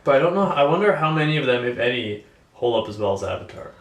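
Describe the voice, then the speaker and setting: A young man co-hosting a podcast, relaxed and reflective. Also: mid-range voice, fast, roomy sound. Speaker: podcast co-host. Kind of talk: casual chat.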